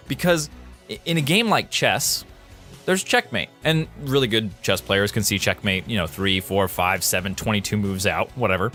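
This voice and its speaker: Speaking in a fairly low voice over gentle background music, a male game designer explains game design while commenting casually on footage. He's lively, with lots of quick exclamations.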